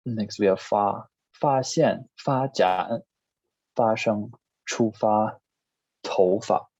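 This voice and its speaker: A man teaching a recorded language lesson, reading word lists one item at a time in a plain, steady way. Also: fairly low pitch, takes it slowly, dry recording. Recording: slightly dull lo-fi recording.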